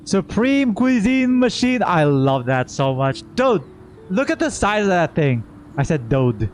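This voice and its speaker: A man with a high-pitched voice and big pitch swings chats casually and enthusiastically while streaming a video game, in unhurried gameplay commentary that rambles from one thought to the next. Game music plays faintly behind him, with slight background noise.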